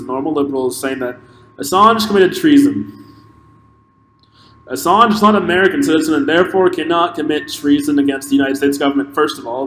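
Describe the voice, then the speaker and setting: A man's voice: on the high side, fairly bright tone. Impassioned man in an echoey room. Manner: impassioned, halting with restarts. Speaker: podcast host. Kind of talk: solo opinion monologue. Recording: echoey room with long reverb and faint noise.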